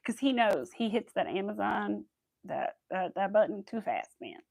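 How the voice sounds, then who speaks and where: A woman's voice: medium pitch, animated, moderate pace, creaky, a little mellow, no room sound. A young adult woman hosting a crochet livestream, chatting casually and rambling with lots of filler words. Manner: laughs often and greets viewers. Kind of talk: casual chat while crafting.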